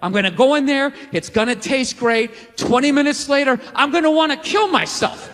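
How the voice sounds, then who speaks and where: A man's voice: very high-pitched, normal speed, a bit bright. A man in his forties doing stand-up comedy, ranting with profane, incredulous exasperation. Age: 40s. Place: large theater stage. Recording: live theater with crowd and long reverb. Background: audience laughter.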